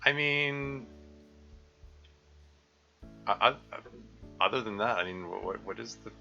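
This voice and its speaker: A man streaming a visual novel live, reading and rambling in a hesitant way with lots of throat-clearing. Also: lowish voice, slow, bright, forceful tone. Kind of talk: live let's play with commentary. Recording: slightly dull lo-fi audio. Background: faint guitar music.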